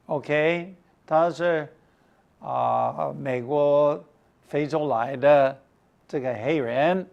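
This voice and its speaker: Very slow, deliberate male English teacher. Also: fairly high pitch, highs cut off. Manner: reads a story line by line, then explains each word with examples and a Chinese gloss; clears his throat often. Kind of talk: slow explanatory lesson for Chinese-speaking learners.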